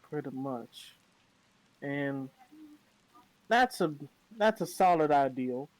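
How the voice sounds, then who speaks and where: A man talking as a player in a tabletop game, earnest and halting with restarts. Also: medium pitch, expressive, no echo, low-quality recording. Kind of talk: tabletop role-play table talk.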